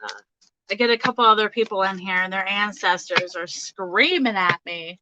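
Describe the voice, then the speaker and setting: A woman's voice: mid-range voice, moderate pace, pushed and bright, muffled recording, a little hiss or hum. A young woman giving a casual, chatty tarot reading, giggling often and speaking straight to her viewers. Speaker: tarot reader.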